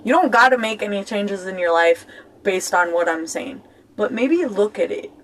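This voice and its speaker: A woman talking straight to her viewers about life in a loose, joking way, with her voice at a middle pitch. She swears without a second thought and breaks into laughter between points. She keeps asking "okay?" to make sure they follow. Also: expressive, moderate pace, slight background noise, poor audio. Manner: blunt, swears freely, keeps checking in with "okay?"; talks straight to viewers as "y'all". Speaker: self-help vlogger. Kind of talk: casual motivational talk.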